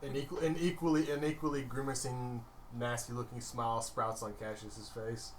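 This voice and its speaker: A man's voice: medium pitch, little pitch movement, normal speed, slight background noise. A man playing a tabletop game, joking casually. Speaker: player. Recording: roomy distant mic, faint ambience.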